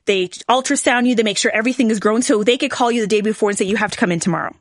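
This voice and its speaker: A woman's voice: fairly high pitch, racing, no echo, clean studio sound. A woman in her forties, a podcast host, telling a personal story candidly to her listeners with lots of "like" and "right?". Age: 40s. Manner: candid, emotional, tearful at times; frequent "right?" and "like".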